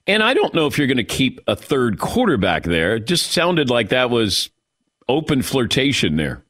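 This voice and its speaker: A man's voice: mid-range voice, moderate pace, no room sound, studio quality. A man hosting a sports talk show, chatting and riffing with his crew. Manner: animated, mimics players with mock voices.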